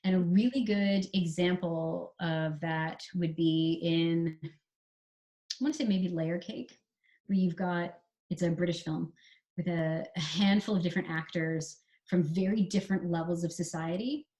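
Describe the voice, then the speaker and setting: A Canadian woman who writes screenplays, chatting through writing advice in a relaxed interview and spelling out examples. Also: lowish voice, a little slow. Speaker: screenwriter guest. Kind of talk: casual explanatory interview talk.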